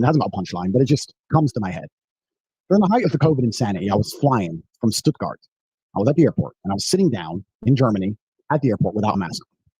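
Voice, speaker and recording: A man telling a story in casual podcast talk, animated, brash and profane. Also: lowish voice, slightly rough, no room sound, poor audio.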